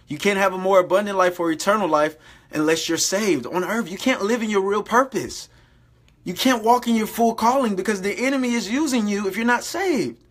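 Man, higher voice, casual preacher, repetitive exhorting delivery, talks straight to viewers. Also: a little fast. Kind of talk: informal livestream sermon.

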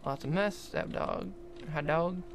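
A young adult livestreamer giving jokey, excitable commentary while playing, often talking to the game's characters. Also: medium pitch, unhurried, vocal fry, a little hiss or hum. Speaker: gaming livestreamer. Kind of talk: live gameplay commentary.

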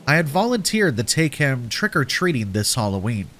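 A man narrating a scripted horror story in a slow, dramatic storytelling manner. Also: mid-range voice, big pitch swings, a bit bright, slight background noise.

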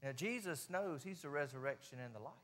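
High-voiced Southern preacher. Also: male voice, lively intonation, brisk. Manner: folksy and plain-spoken, swinging between loud and hushed. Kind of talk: sermon. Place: church sanctuary.

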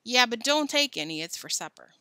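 A woman's voice: a little high, very animated, fairly quick, bright, forceful tone, no echo, clean studio sound, pitched above the performer's own voice. A woman voicing a doubtful, slightly bossy boy of about ten in a storybook reading.

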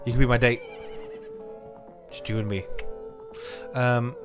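A man's voice: medium pitch, little pitch movement, unhurried, pauses often, soft background music. A man playing a video game and giving goofy, self-mocking, rambling let's play commentary. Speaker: gaming youtuber.

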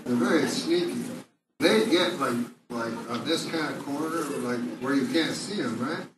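A man's voice: medium pitch, moderate pace, background noise. A man doing a profane, rambling stand-up set in a comedy club. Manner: rambling, profane, loose storytelling. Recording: echoey bootleg audience recording from far off. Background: laughing crowd.

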